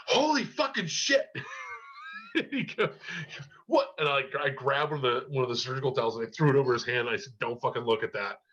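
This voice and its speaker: A man's voice: mid-range voice, fairly bright tone. Man, rambling profane storyteller, lots of fillers, muffled lo-fi sound. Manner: rambling, heavy cursing, many fillers. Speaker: podcast co-host telling a war story.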